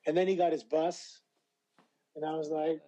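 Hoarse-ish guy guest, kinda high but really mellow dark voice, stammers and restarts a lot. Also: moderate pace, rough recording. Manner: animated storyteller with frequent stammered restarts. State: slightly hoarse voice. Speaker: interview guest, former wrestler. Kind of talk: casual interview chat.

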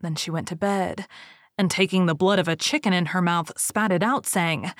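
Woman storyteller, low voice, measured folk-tale reading, dry close sound. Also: dry recording.

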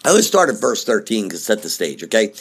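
A man teaching project leadership in a relaxed, chatty way. His voice swings up and down as he talks, and he keeps checking in with his listeners as he explains. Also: lowish voice, a little fast, husky. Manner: animated and conversational, often checking in with "okay?". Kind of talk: casual spoken lesson.

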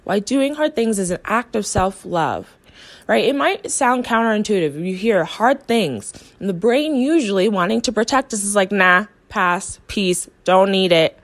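A woman's voice: medium pitch, lively intonation, normal speed. A young adult woman from the United States, hosting a motivational podcast as a coach and speaking earnestly to her listeners. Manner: earnest, encouraging, voices the listener's inner thoughts.

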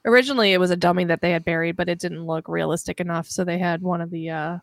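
A woman's voice: lowish voice, steady tone, fast talker, creaky, no echo, studio quality. A woman on a film podcast, making quips and sharing behind-the-scenes trivia. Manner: quippy, shares trivia. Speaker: podcast co-host. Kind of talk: casual film chat.

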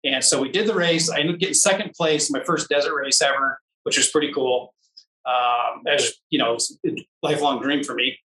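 A man's voice: medium pitch, fairly even intonation, brisk, pushed and bright, reverberant, recorded from a distance, low-quality recording. A man casually telling a story about off-road racing, rambling and searching for words, often acting out what others said. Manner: rambling, searches for words, acts out quoted dialogue. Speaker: off-road racer.

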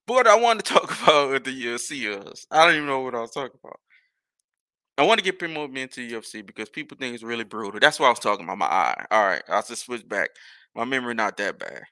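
Gravelly, animated New man. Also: mid-range voice, fast, dry recording, clean studio sound. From New Orleans. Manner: rambling, animated, profane storytelling. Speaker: podcast host. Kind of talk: casual storytelling.

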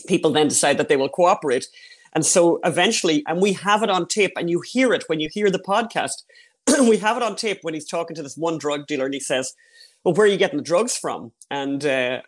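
A man talking as a guest in an interview, animated and repetitive, with plenty of "you know" fillers. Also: fairly high pitch. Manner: animated, repeats phrases, many fillers. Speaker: podcast producer, guest. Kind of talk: casual interview chat.

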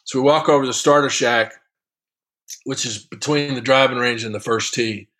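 A man tells a golf story as an interview guest, in a voice pitched squarely in the middle range. He talks in a relaxed, chatty way, chuckling now and then as he goes. The delivery stays loose and friendly, like an easy sit-down conversation. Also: normal speed. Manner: lively, chuckling raconteur. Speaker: guest, long drive golfer. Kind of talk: casual storytelling anecdote.

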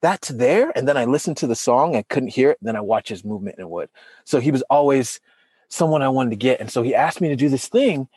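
A man talks quickly with a breathy edge, recorded without echo. In casual chat he tells a personal story with feeling, acting out what people said with big jumps in pitch.

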